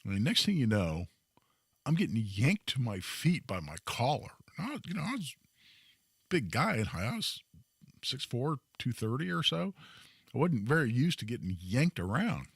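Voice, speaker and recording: A man hosting a talk radio show, telling a story in an emphatic, animated way. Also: mid-range voice, moderate pace, vocal fry, husky, no room sound, clean studio sound. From Indiana, US. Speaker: radio host.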